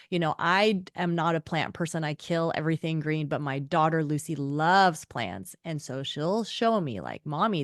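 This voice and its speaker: Lively, expressive woman author storyteller. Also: no echo, studio quality. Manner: expressive, acts out quotes with big pitch jumps. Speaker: author and podcast host, guest. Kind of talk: animated storytelling interview.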